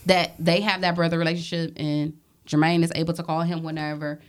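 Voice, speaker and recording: A middle-aged woman co-hosting a casual talk show, telling a family story in animated, chatty bursts and acting out what people said. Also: deep voice, a little fast. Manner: animated, acts out quoted family dialogue.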